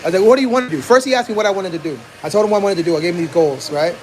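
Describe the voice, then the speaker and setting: A man's voice: high voice, very fast, a little hiss or hum. A young man hosting a casual podcast, telling stories with lots of swearing and acted-out dialogue. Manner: animated storyteller, swears freely, acts out quoted dialogue. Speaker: podcast host.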